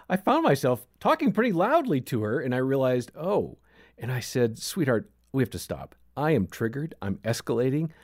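A man's voice: on the low side, darkish tone. A middle-aged man hosting a Christian talk show, telling stories about his marriage in a self-deprecating, conversational way. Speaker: radio show host.

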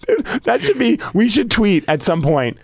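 A man co-hosting a casual podcast, telling a story with excitable, animated energy. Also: sits high, moderate pace, slightly rough, no echo. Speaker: podcast co-host. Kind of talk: casual chat.

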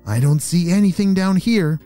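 A man voicing a curious, excitable young boy in a children's story, in a high excited voice. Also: moderate pace, faint music behind, close to an everyday voice.

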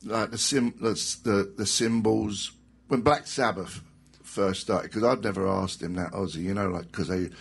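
A man with a husky, fairly low voice, interviewing a guest. His questions come out halting as he searches for words. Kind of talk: casual interview.

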